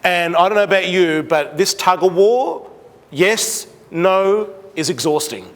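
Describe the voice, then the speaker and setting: Aussie guy talking to parents at a school seminar, lively, acts out bits with his kid, echoey hall. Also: high-pitched, a little slow. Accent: Australian. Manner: animated, acts out dialogue with his daughter. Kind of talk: motivational seminar talk. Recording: long hall reverb.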